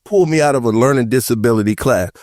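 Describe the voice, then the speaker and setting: A man on a podcast panel telling personal stories in casual chat, animated and acting out the voices of the people he quotes. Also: mid-range voice, quick pace, no echo, clean studio sound. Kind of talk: casual roundtable chat, storytelling.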